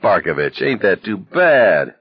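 A man's voice: low-pitched, very animated, measured pace, breathy edge, no echo, lo-fi sound, full character voice. A man doing a jeering, taunting young man. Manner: mock-sympathetic.

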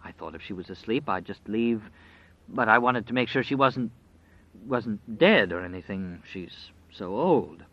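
A man voicing an anxious young man who talks in a hurried, worried way. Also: lowish voice, animated. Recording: dry, slightly dull recording.

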